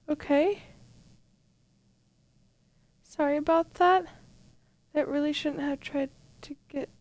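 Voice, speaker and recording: A woman voicing a poised teenage girl who leads a club, reading her lines in a soft, subdued, apologetic way. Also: sits high, no echo. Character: poised teen girl club president, gentle.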